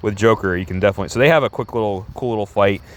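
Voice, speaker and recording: A man's voice: fairly low pitch, rapid-fire. Rambling, enthusiastic male comic reviewer. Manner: rambling and enthusiastic, full of "like" and restarts. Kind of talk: casual review vlog.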